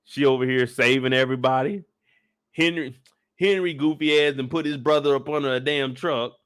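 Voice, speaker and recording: A young man giving a casual, profane, joking recap of a TV episode, lively and quick to burst into loud shouts. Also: mid-range voice, clear, resonant tone, no room sound, studio quality. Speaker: show recap reviewer. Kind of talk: casual live recap commentary.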